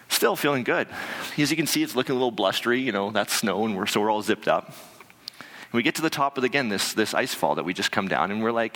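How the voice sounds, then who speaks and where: A man telling a personal story to an audience, animated and conversational, with many fillers and restarts. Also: on the low side, long reverb tail. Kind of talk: live storytelling talk.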